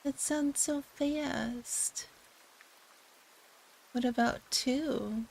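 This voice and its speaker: Woman streamer, casual chat, unhurried and giggly, slightly high voice. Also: fairly even intonation, vocal fry, darkish tone, a little hiss or hum, poor audio. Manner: giggly, chatty, easygoing.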